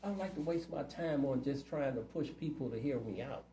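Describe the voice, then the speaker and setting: A man's voice: medium pitch, brisk, warm tone, roomy sound, a little hiss or hum, poor audio. A man running for city council, answering interview questions in a plainspoken, earnest way. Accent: Ohio. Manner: earnest, plainspoken, community-minded.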